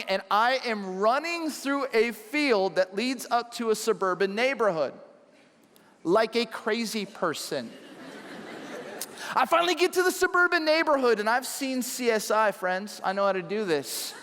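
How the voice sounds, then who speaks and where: A man in his thirties preaching a sermon, acting out his own story with lively shouts and hushed asides. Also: extremely high pitch, measured pace. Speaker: pastor. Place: large church hall. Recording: long church hall reverb.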